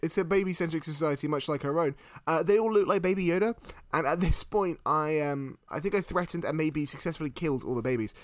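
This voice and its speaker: A man co-hosting a podcast, telling a rambling comedic story in an animated, jokey way. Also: fairly high pitch, quick pace. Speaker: podcast co-host.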